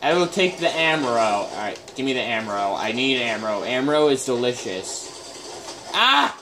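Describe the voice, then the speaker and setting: A man's voice: mid-range voice, very animated, a little slow, background noise. A man giving casual live gameplay commentary, chatting and reacting aloud with sudden exclamations and muttered groans.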